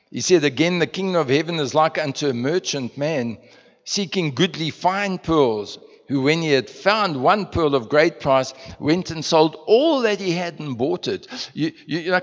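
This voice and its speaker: South African pastor preaching in a church hall. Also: male voice, on the high side. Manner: conversational preaching with rhetorical questions and repetitions. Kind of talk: sermon. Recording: muffled sound in a reverberant church hall.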